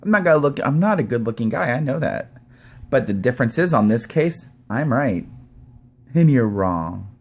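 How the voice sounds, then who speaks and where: Animated, sarcastic ranting man. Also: medium pitch. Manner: angry, sarcastic, profane, fast rants. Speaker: YouTube commentator. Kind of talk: profane rant vlog.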